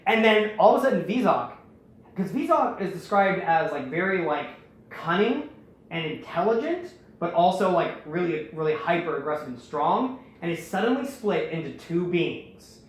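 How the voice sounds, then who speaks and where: A man hosting a casual storytelling recap, rambling and animated, acting out the quotes. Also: high-pitched, moderate pace. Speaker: host. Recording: very echoey room.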